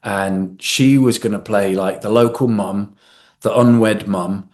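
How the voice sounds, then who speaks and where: A man, an actor chatting as a podcast guest, telling animated anecdotes and laughing often. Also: fairly low pitch, slow. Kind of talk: casual chat.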